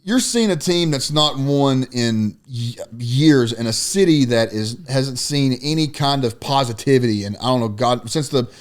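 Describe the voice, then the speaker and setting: A young man co-hosting a podcast, chatting about sports in a loose, profane, animated way and telling stories. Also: mid-range voice, normal speed, few pauses. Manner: profane, animated storytelling, often says "dude". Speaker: podcast co-host. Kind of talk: casual sports chat.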